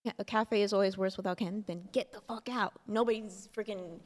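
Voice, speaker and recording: A woman's voice: medium pitch, steady tone, brisk. A woman co-host talks in loose, profane podcast banter, blunt and teasing, with plenty of filler words. Her voice sits in a middle register. A long reverb hangs behind her speech. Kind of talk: casual podcast chat.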